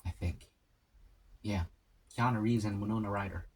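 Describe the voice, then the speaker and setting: A man in a casual solo eating vlog, rambling and musing aloud with pauses as he chats about movies. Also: fairly low pitch, fairly even intonation, heavy background noise. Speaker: mukbang vlogger. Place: home, at a table eating.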